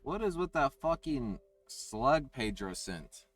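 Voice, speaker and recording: A man's voice: mid-range voice, very animated, slow. A young man streaming a game live, chatting with crude, melodramatic, self-mocking humor. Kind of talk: live gameplay stream chat. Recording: distant from the mic with faint noise.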